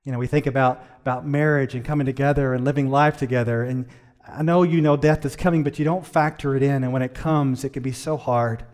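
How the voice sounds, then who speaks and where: A middle-aged man preaching a sermon as pastor, earnest, slowing his pace to stress key lines. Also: medium pitch, steady tone, darkish tone. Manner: earnest, varies pace, slows down for emphasis.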